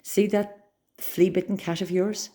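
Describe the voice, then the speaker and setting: A woman voicing a spiteful young boy prince who taunts and shouts insults. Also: medium pitch, fairly even intonation, measured pace, pitched above the performer's own voice, natural voice. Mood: taunting.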